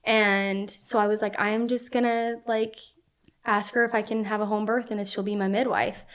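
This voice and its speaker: A woman in her twenties, a podcast guest, tells personal stories in an earnest, casual conversational way, dropping "like" constantly. Her mid-range voice has little pitch movement and a moderate pace. Her tone is a bit bright, clear and resonant.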